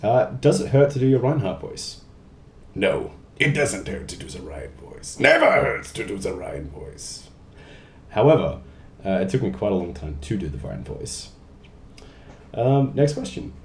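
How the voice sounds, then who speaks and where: A man's voice: lowish voice, very animated, unhurried, a little hiss or hum. A young man casually answering fan questions in a vlog, reading each one aloud and joking around. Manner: chatty, jokey, reads questions aloud. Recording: roomy echo.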